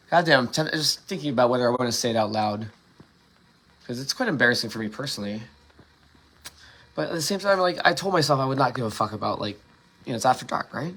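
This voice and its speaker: A man talks alone on a late-night livestream, wandering from thought to thought, cutting himself off and swearing as he goes. His voice sits at an average pitch with a bright, ringing tone. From Ohio. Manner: rambling, self-interrupting, profane and laughing. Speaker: livestream host.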